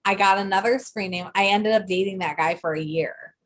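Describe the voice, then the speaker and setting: A woman co-hosting a podcast in casual chat, telling stories in a chatty, animated way. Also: mid-range voice, fairly quick. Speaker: podcast co-host.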